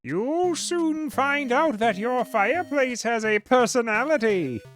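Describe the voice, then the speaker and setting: A man putting on a high folksy stonemason. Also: animated, unhurried, fairly bright tone, faint music behind, full character voice. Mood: knowing. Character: folksy male stonemason, matter-of-fact and knowing.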